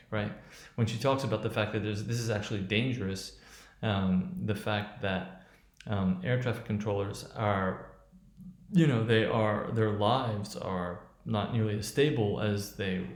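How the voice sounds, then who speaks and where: A man lecturing on how a speech is built and spoken. He talks haltingly, with many restarts and fillers, and often checks in with "right?". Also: fairly low pitch, a little mellow, echoey room. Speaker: teacher.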